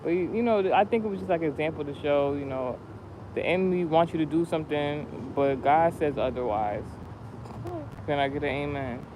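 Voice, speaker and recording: A man telling a rambling, animated story in a casual spiritual vlog, with many restarts, recorded outdoors near a street with passing cars. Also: on the high side, brisk, noisy background. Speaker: vlogger.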